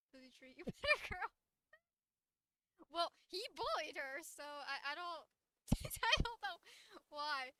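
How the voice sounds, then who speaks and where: A woman's voice: sits high, sing-song, takes it slowly, long pauses, sharp tone, no echo. A woman chatting casually on a livestream, giggling often and swearing offhandedly as she talks about her characters.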